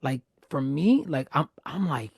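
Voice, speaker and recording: Gravelly animated man hosting a chat. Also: on the high side, a little slow, dry recording, studio quality. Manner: animated, repeats words when excited. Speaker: host. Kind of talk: casual live-stream chat.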